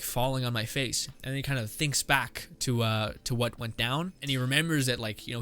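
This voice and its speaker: Here the man's voice is medium in pitch and fairly bright. Hosting his podcast, he improvises a story, musing aloud in a rambling way with plenty of fillers and profanity, while soft music runs underneath.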